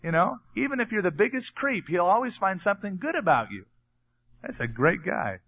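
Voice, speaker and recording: Chatty preacher, lo-fi sermon recording. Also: male voice, high voice, very animated, a little fast, vocal fry, a bit bright, slightly rough. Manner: conversational, reads scripture then retells it in everyday words.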